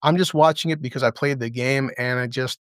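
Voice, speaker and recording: A man's voice: medium pitch, fairly even intonation, background noise. Sarcastic, profane man reviewing a show. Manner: impersonates characters in quick asides. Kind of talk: casual spoken review.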